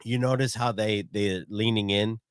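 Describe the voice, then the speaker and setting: A man's voice: fairly low pitch, fairly even intonation, normal speed, no room sound, studio quality. A man co-hosting a podcast, laid-back and crude, often laughing and swearing. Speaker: podcast co-host. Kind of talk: casual crude podcast banter.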